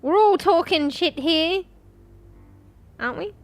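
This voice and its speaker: A woman's voice: very high-pitched, animated, slow pace. A young Australian woman chatting casually with her stream chat while gaming, swearing freely and offhand.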